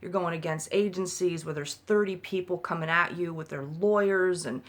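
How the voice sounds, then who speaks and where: A woman with a lowish voice speaks at normal speed as the mother of an autistic child, offering blunt, emphatic advice to other parents. Her monologue rambles and includes casual swearing, recorded in a room at home.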